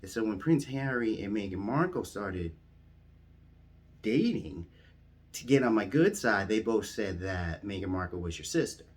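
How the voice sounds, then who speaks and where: A man's voice: lively intonation, a little slow. A man doing a prim old queen. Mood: chatty. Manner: high falsetto, prim and chatty. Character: elderly queen of England, haughty, gushing fan.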